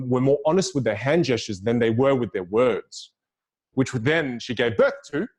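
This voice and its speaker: A man teaches public speaking to a virtual audience with a lively, demonstrative delivery. His pitch swings widely, and he repeats key phrases for emphasis.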